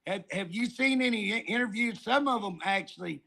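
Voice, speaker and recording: Middle-aged Oklahoma man, high gravelly voice, folksy joker telling stories. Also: a little fast, bright, forceful tone. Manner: folksy, joking, drawling storyteller. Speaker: politician guest. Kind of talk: casual talk show chat.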